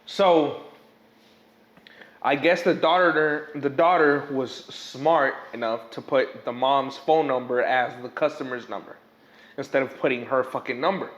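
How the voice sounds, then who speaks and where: A man's voice: mid-range voice, unhurried, a bit bright, muffled recording. A young man in casual podcast chat, telling a story in a rambling, profane way full of fillers. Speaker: podcast guest or host. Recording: echoey room.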